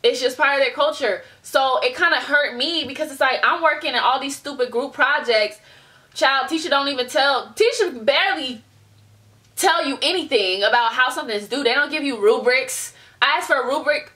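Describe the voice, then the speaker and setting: A young American woman speaks in a high voice at a moderate pace, vlogging casually into a webcam at her desk. She rants animatedly while telling stories, mimicking people in different voices.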